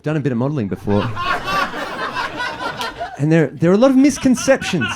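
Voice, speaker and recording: A man's voice: a little high, huge pitch swings, a little fast, a crowd in the background, noisy background. A young adult man from Australia doing a stand-up comedy set, telling rambling, self-mocking stories full of repeated words. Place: comedy venue with live audience.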